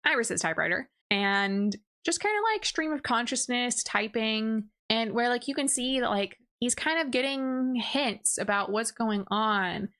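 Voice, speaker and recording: A woman's voice: a little high, animated, a little slow, few pauses, fairly bright tone. A woman casually recapping a novel's plot for her book review channel, talking in loose run-on sentences full of fillers. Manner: chatty, filler-heavy with frequent "like" and laughs. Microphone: desk microphone.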